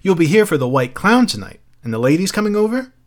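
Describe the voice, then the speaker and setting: A man voicing a nagging, anxious wife who turns shrill and pleading. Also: lively intonation, a little fast, close to an everyday voice.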